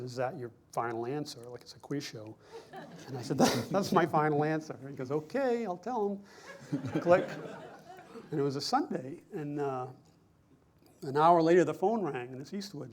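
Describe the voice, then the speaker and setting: Middle-aged guy telling funny stories at a lecture, lots of restarts, faint hiss. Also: mid-range voice. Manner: conversational, self-correcting, amused. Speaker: screenwriter giving a lecture. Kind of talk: anecdotal lecture storytelling.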